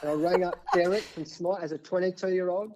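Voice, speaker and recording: An Australian man in his fifties, a cricket coach telling stories as a podcast guest, animated and often restarting his sentences. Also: sits high, fairly quick, background noise. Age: 50s. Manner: animated, restarts often, acts out quoted exchanges. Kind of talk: casual storytelling in an interview.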